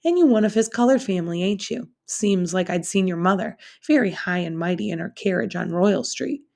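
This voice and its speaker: A woman's voice: lowish voice, brisk, creaky, dark tone. A woman voicing a sneering, bigoted middle-aged landlady, with a snapping, scornful drawl, read aloud from a novel.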